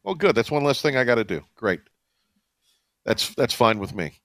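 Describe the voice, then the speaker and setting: A man hosting a casual sports radio show, talking in a rambling, halting way with many fillers and restarts. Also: mid-range voice, very animated, a bit bright, no room sound.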